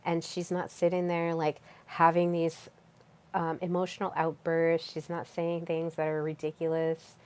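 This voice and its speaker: A woman's voice: low voice, completely flat delivery, measured pace, darkish tone, clear, resonant tone. A young woman hosting a solo podcast, talking casually and chattily, with fillers and repeated words. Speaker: podcast host.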